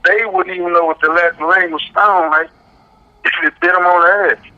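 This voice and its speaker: A man talks emphatically and often checks in with "right?". His voice sits a little high. The sound is dull and lo-fi, like a phone line. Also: fairly even intonation, normal speed, sharp tone. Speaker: guest. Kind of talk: casual radio talk.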